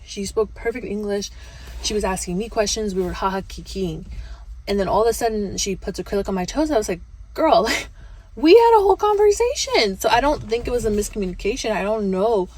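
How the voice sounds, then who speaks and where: A woman's voice: medium pitch, quick pace, a little mellow, poor audio. A young woman vlogger telling a casual, chatty story full of fillers and quoted back-and-forth.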